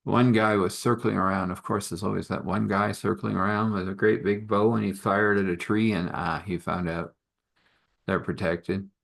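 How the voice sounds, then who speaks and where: A man's voice: on the low side, level tone, moderate pace, creaky, fairly bright tone. A man telling an improvised fantasy story in a rambling, musing way, with fillers.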